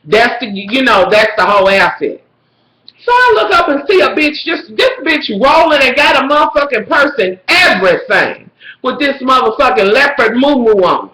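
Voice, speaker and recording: A woman telling a profane, dramatic story to her viewers, swinging between shrill squeals and low mutters. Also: very animated, moderate pace, sharp tone, echoey room, poor audio. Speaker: vlogger. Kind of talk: profane storytelling rant to camera.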